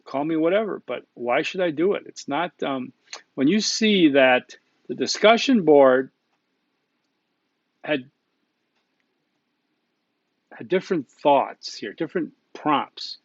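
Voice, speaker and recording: A male instructor talks through course rules in a loose, offhand lecture. His voice sits a little high, and he often stops to check in with the class. The recording is dull and muffled, with no room echo. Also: expressive, slow, long pauses. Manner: casual and blunt, with many asides and okays. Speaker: college instructor.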